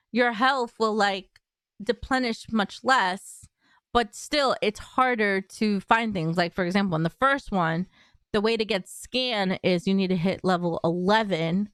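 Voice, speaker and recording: A woman's voice: medium pitch, fairly bright tone, clean tone, no echo, studio quality. A young woman hosting a casual interview, upbeat and teasing. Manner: upbeat, teasing, laughs often. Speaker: host.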